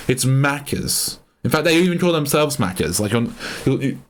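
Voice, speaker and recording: A man's voice: medium pitch, sing-song, normal speed. Rambling Australian man streaming live. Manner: rambling, self-interrupting, chatty. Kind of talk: casual live-stream chat.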